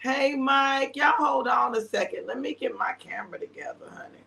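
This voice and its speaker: A high-pitched woman hosts a casual livestream. She is chatty and emotional and greets her viewers by name. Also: brisk, creaky, pushed and bright. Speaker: prophetic minister hosting a livestream.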